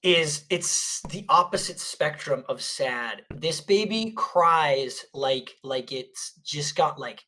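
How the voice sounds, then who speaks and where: A man chatting casually on a podcast, telling his stories with lots of animation and acted-out voices. His voice is bright and a little tense. He swears freely along the way. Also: a little high, lively intonation, slow pace, few pauses. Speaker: podcast co-host. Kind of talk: casual chat.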